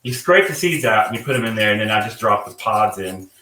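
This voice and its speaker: A man's voice: on the low side, animated, fast talker, sharp tone. A man from the American South, a guest cook chatting casually while he cooks, rambling with many fillers and restarts. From Southern United States. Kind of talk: casual chat while cooking. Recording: echoey room, distant from the mic, faint noise.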